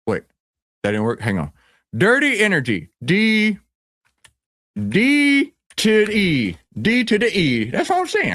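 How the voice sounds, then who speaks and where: A man's voice: on the high side, fairly bright tone, no room sound, studio quality, heavily acted. A man playing a brash, boastful stock-hype guru who talks in swaggering slang and rambles. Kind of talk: comedic character skit.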